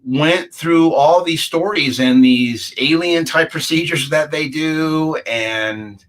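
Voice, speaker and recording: A man's voice: a little high, slow, a bit bright. Middle-aged man telling a rambling story. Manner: rambling, acts out the dialogue of others. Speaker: guest recounting a UFO encounter. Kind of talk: casual anecdotal storytelling.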